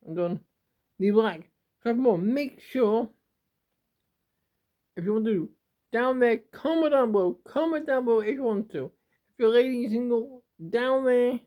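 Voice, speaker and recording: A man from England talking to his camera in a rambling, emotional home vlog, often repeating and restarting himself. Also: very high voice. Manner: emotional, repetitive, halting. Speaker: YouTuber. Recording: dull lo-fi home recording.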